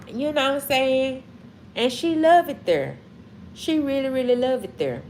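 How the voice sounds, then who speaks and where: A woman's voice: high voice, very animated, slight background noise. A woman from Mississippi with a Southern accent, casually chatting on a livestream and answering comments. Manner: slow, drawling, talks back to chat. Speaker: livestream host.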